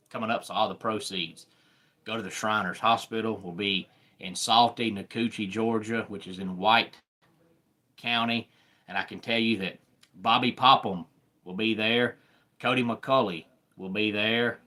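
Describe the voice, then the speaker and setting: A man with a Southern accent hosting a live sports talk stream, chatting with viewers in an unhurried way. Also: on the low side, pushed and bright. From American South. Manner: unhurried, greets viewers by name.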